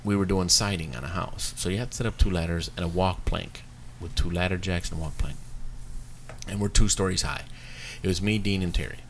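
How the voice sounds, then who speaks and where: A man's voice: low voice, steady tone, fairly quick, fairly bright tone, slight background noise. A man casually telling funny job-site stories, laughing often and acting out the people in them. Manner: laughs while telling stories, acts out voices. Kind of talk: casual chat, storytelling.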